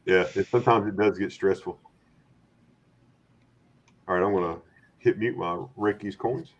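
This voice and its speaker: A man's voice: deep voice, normal speed, dull audio. A man hosting a casual livestream chat, rambling and friendly, often repeating words. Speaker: stream host. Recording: faint background noise.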